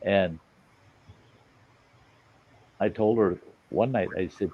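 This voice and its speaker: Deep-voiced, profane storytelling man. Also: lively intonation, normal speed, pauses often. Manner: profane, laughs often while telling stories. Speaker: host. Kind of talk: casual campfire storytelling. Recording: muffled lo-fi audio with faint hiss.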